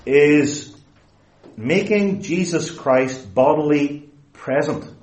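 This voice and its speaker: A man's voice: medium pitch, darkish tone. Emphatic man preaching in an echoey hall. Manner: emphatic, deliberate, stretches key words, self-correcting. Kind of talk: theological lecture-sermon.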